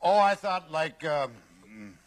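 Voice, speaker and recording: A man's voice: on the high side, very animated, unhurried, slight background noise. A man in his sixties, a game show contestant, joking in a folksy, self-deprecating way. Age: 60s. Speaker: returning champion contestant. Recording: studio audience behind.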